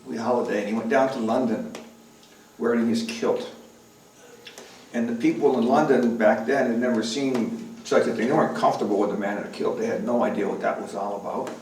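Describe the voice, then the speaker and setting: A man's voice: mid-range voice, steady tone, brisk, a little mellow, slight background noise. A male folk musician chatting and joking with the audience between songs at a library concert. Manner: joking, chatty, teasing the crowd. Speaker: folk musician performing live. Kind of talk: stage banter with the audience. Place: library performance room, indoors. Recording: roomy hall, distant mic, guitar playing.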